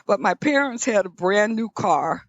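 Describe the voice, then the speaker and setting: A woman's voice: mid-range voice, expressive, moderate pace, no echo, lo-fi sound. An older woman from Birmingham, Alabama, recalling her past as a guest in an interview, in a reflective storytelling manner. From Birmingham, Alabama, USA.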